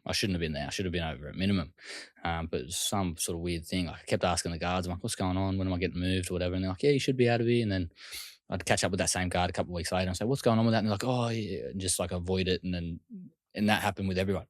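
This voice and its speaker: A guest, a deep-voiced Australian man, tells a story briskly and casually, dropping into quick quoted voices for other people. His intonation is fairly even, and the sound is dry and close with no room sound.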